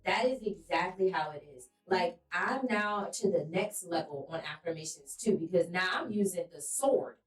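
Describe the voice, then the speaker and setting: A woman's voice: lowish voice, normal speed, few pauses. A woman co-hosts a faith podcast, preaching her points with emphasis and acting out stories as she tells them. Her voice rings in an echoey room, picked up from some distance off the mic. Faint music plays underneath. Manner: emphatic, preacherly, animated storytelling. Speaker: podcast co-host. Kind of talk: faith-based casual podcast talk.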